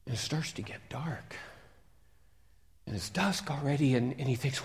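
A male preacher telling a Bible story in a lively, interactive way, asking his listeners questions as he goes. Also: medium pitch, normal speed, long pauses. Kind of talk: storytelling sermon.

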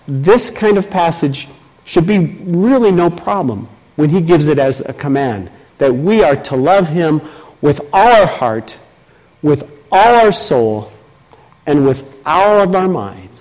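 A man preaching a sermon as pastor, reading scripture aloud with emphatic delivery. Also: poor audio. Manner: slow, emphatic preaching with lively swings in pitch.

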